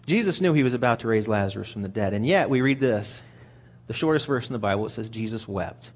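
A man's voice: medium pitch, quick pace. A man preaching a sermon in a conversational way, often repeating words as he thinks aloud.

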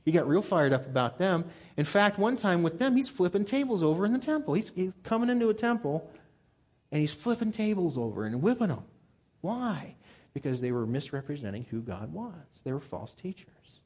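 A pastor preaches a conversational sermon, speaking plainly to his listeners and growing fired up. His high-pitched voice moves briskly, and his manner is animated.

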